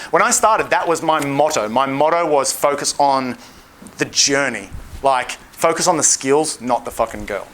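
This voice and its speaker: Blunt, profane Australian man coaching. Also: mid-range voice. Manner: profane, blunt, animated with acted-out quotes. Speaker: dating coach. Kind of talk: seminar talk. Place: seminar room.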